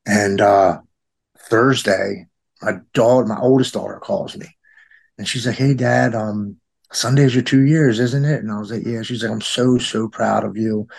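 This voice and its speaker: A man in his forties with a fairly low voice tells a personal story in casual conversation. He acts out each person he quotes by lifting his voice, and often stops to restart a sentence. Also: fairly even intonation, moderate pace, creaky. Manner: storytelling, quotes others in a raised voice. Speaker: guest in recovery.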